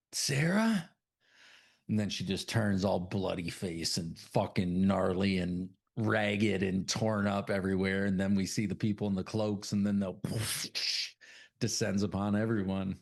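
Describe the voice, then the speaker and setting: A man's voice: deep voice, flat delivery, normal speed, creaky, darkish tone. A man co-hosting a horror podcast, loosely retelling a film's plot with swearing and acted-out character lines. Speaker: podcast co-host. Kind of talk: casual movie recap chat.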